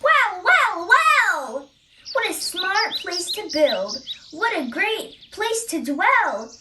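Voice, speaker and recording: A child voicing a small, chirpy zinzoo bird in a read-aloud picture book. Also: female voice, very high-pitched, very animated, takes it slowly, distant mic, heavy background noise, voice pushed up, exaggerated voice. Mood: excited.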